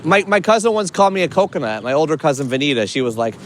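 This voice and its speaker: A man's voice: fairly high pitch, sing-song, very fast. Chatty curious man talking on a noisy street. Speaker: podcast host. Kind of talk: walking interview chat. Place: outdoors on a city street. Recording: street noise behind outdoor walk.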